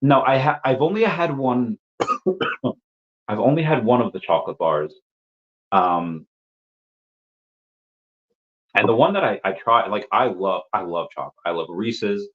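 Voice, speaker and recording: A man with a fairly low voice chats loosely on a live stream, tripping over repeated words and breaking into laughter. He coughs now and then as he gets over an illness. The audio is muffled and lo-fi. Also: lively intonation, a little slow, long pauses, a bit bright. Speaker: livestream host answering chat. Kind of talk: casual live chat.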